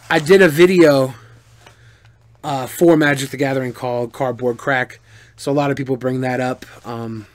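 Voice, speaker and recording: A man streamer answering viewer questions in casual, animated storytelling, profane and boastful. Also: mid-range voice, no room sound.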